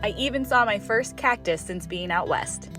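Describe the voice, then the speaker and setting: A woman's voice: medium pitch, moderate pace, music in the background, low-quality recording. Chatty woman vlogging a road trip. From United States. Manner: chatty, laughs often, enthusiastic. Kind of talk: casual travel vlog. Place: in her car and outdoors at a scenic overlook.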